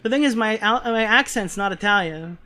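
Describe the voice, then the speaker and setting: A man's voice: high voice, expressive, normal speed, bright, forceful tone. A man with a New York accent streaming a game live, chatting casually with viewers and swearing in frustrated outbursts at his gameplay. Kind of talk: live gaming stream chat.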